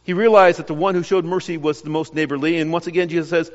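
High-voiced guy preaching, keeps repeating himself, echoey hall, kinda muffled sound. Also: fairly even intonation, fast talker, hardly any pauses. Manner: earnest preaching with repeated words and restarts. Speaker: pastor. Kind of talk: sermon.

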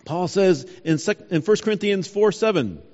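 A man preaching a sermon, emphatic and animated, correcting himself now and then as he goes. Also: sits high, normal speed, big-room sound, dull audio. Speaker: pastor.

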